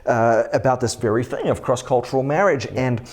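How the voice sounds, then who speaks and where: A man's voice: medium pitch, brisk, darkish tone. Man telling stories with chuckles. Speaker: church podcast co-host. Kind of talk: casual conversation.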